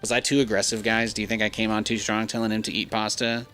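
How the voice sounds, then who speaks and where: Chatty bright-voiced man streaming games. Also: fairly low pitch, level tone, fast, faint music behind. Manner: chatty, rambling, heavy use of "like". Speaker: game streamer. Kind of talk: casual live-stream commentary.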